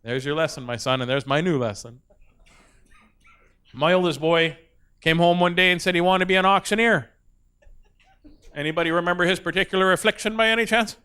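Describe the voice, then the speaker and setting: A middle-aged man doing stand-up, telling animated stories about his kids and slipping into soft, earnest asides. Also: high-pitched, brisk, long pauses, clean tone. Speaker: stand-up comedian. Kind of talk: stand-up comedy storytelling.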